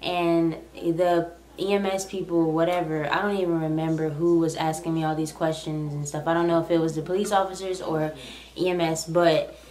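A woman's voice: sits low, normal speed. Chatty young woman in an echoey room. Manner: chatty, rambling, animated retelling. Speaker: vlogger. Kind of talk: casual storytime.

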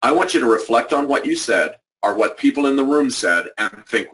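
A man's voice: mid-range voice, lively intonation, brisk, hardly any pauses, a bit bright. A man giving a motivational training talk to educators, emphatic and conversational, repeating his key points. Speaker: workshop presenter. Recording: distant microphone.

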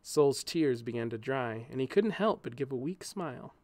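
A man reading a storybook aloud in scripted narration, with a gentle, measured telling. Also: medium pitch, lively intonation, no echo.

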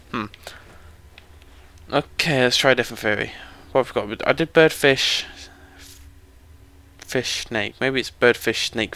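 A let's play commentator from Britain, a young man, keeps up a chatty, joking running commentary on his game and talks directly to his viewers. He has a mid-range voice with a fairly bright tone.

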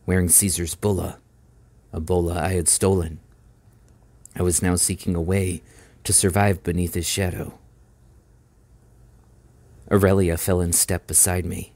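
A man with a deep, low voice reads a novel aloud for an audiobook. His narration is steady and measured, and the sound is close and dry with no room around it. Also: gravelly, dry recording. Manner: steady, measured first-person reading. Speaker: audiobook reader.

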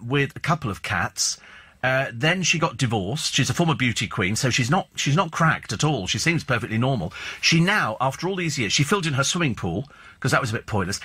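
Husky, lively-voiced radio host. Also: male voice, mid-range voice. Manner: opinionated, rambling, sardonic. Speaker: radio talk show host. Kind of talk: casual chat and celebrity gossip commentary. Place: radio studio. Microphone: studio microphone.

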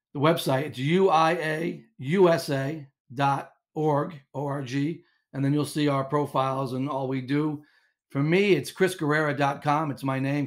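A middle-aged man telling coaching stories as a podcast guest, animated and rambling with lots of restarts. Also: on the high side. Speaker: guest, inventor and former coach. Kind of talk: casual storytelling interview.

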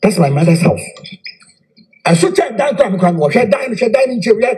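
Animated Ghanaian man, echoey room. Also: sits high, brisk. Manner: animated, repeats phrases, mixes in English. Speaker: self-styled spiritual leader. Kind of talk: heated live address.

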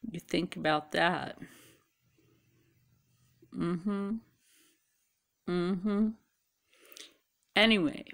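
A woman's voice: fairly low pitch, very slow, gravelly, pauses often, a bit bright. A tired middle-aged woman chatting casually to camera, rambling and musing aloud. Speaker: vlogger. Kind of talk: casual chat.

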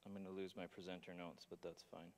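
A man's voice: low-pitched, level tone, fast, darkish tone, long reverb tail, a little hiss or hum. A man preaching a sermon, talking with many restarts and fillers.

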